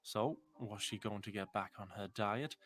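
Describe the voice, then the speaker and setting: A man's voice: lowish voice, normal speed, a bit bright. Man narrating a documentary. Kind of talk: scripted narration.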